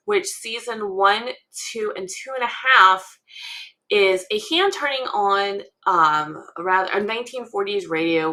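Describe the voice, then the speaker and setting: A woman co-host chats in an unhurried, meandering way, often pausing on an um before she goes on. Her voice is bright and forward. She sounds relaxed and conversational. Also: mid-range voice. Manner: chatty, thinking aloud with frequent ums and laughs. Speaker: podcast co-host. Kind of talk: casual fan analysis chat.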